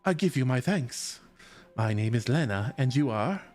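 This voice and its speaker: A man's voice: medium pitch, expressive, moderate pace, darkish tone, faint music behind, close to an everyday voice. A man voicing a polite young princess from a video game, speaking in an earnest, courteous way.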